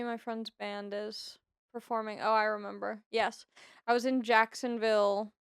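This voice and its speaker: Young comedian woman, smooth voice, kinda high, dry close sound. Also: little pitch movement, normal speed, dry recording. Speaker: comedian guest. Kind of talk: casual chat.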